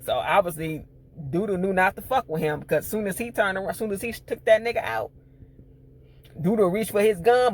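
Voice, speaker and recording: A man recapping a TV episode in a casual, profane storytelling style, acting out the scenes as he goes. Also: high-pitched. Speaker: TV show reviewer.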